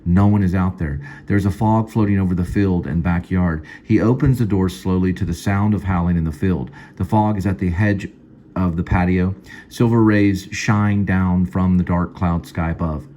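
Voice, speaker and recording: A man casually reading his own screenplay aloud at home, halting and stopping to fix lines. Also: low-pitched, steady tone, mellow, a little hiss or hum. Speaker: screenplay reader. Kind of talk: casual screenplay read-through.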